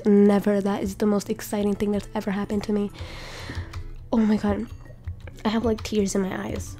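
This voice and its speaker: Excitable young woman narrating her minecraft game, gasps a lot, mellow voice, faint music behind. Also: medium pitch, moderate pace. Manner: excitable, gasping, repeats herself. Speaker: gaming YouTuber. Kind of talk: excited Minecraft let's play commentary.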